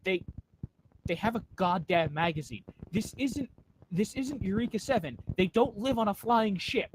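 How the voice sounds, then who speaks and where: Animated high-voiced man, incredulous. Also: moderate pace, a little hiss or hum, rough recording. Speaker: fanfiction reading show co-host. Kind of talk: casual comedic commentary.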